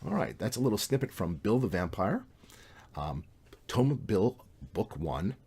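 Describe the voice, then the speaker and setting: Author-narrator, male, relaxed wry novel reading, deep and husky. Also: measured pace. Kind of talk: audiobook reading.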